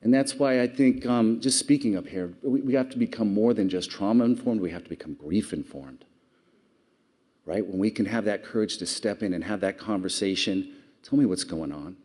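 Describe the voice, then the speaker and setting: A man's voice: lowish voice, moderate pace, a little mellow. A man giving an earnest public speech, telling stories and asking the audience questions. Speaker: award speaker.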